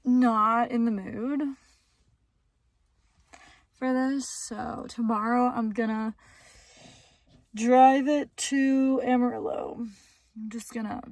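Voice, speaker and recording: High-voiced exasperated woman vlogging. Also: steady tone, slow pace, long pauses, darkish tone, no echo. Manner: exasperated ranting, listing complaints. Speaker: travel vlogger. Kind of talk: casual vlog talking to camera.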